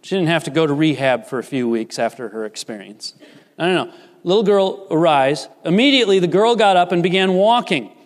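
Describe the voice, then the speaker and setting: A man preaching a sermon as a pastor, swinging from loud, rising emphasis to hushed, low asides. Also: fast talker. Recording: reverberant hall.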